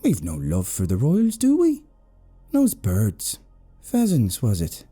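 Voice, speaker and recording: A man voicing a sharp-tongued traveller mother who talks pointedly. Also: fairly low pitch, huge pitch swings, slow pace, husky, soft background music, pitched above the performer's own voice, heavily acted. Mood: persuasive.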